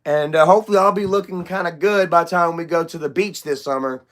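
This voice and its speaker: A man's voice: a little high, fast, a bit bright, slight background noise. A young man hosting a casual livestream chat, rambling, loose and profane, with lots of fillers. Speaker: livestream host.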